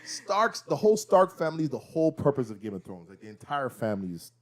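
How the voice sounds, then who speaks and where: A man co-hosting a casual pop-culture chat, retelling TV scenes with animated, acted-out quotes. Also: medium pitch, fast. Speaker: podcast co-host.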